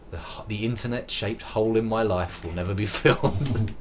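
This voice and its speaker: A British man in his thirties giving live commentary while he plays, self-mocking and swinging from loud outbursts to low mutters. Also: normal speed. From United Kingdom. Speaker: streamer. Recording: muffled with steady background hiss.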